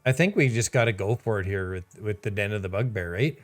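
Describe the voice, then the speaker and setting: A man's voice: fairly low pitch, fast talker, soft background music. A man commenting casually on his own card game, sarcastic and exasperated, laughing in disbelief. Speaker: streamer playing a card game.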